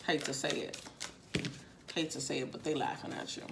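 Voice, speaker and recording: Woman tarot reader, casual and chatty, lower pitch, loose and repetitive delivery. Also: fairly even intonation, moderate pace, creaky, background noise. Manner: chatty, repeats phrases, casual swearing, addresses viewers directly. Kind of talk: casual tarot reading to viewers.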